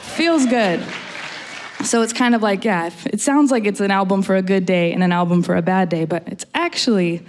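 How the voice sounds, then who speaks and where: A woman's voice: medium pitch, quick pace, hardly any pauses, a little mellow, a faint crowd. A young adult woman, a musician guest, chatting casually in an interview, often laughing and poking fun at herself. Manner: laughing, storytelling, self-mocking.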